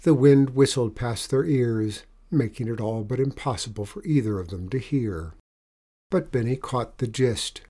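Male storyteller, mellow tone, lively read-aloud of a children's adventure. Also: medium pitch, measured pace, breathy edge. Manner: expressive, animated story reading.

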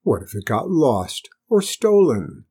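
A man voicing a polite, smooth-talking male traveling stranger in a voice close to his own, reading a storybook. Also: mid-range voice, wildly swooping pitch, takes it slowly, mellow, full character voice.

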